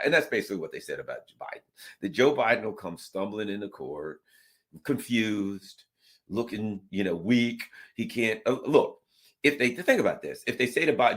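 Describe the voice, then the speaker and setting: A man giving an animated political rant, mocking people with sarcastic put-on voices that jump far up in pitch. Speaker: political commentator.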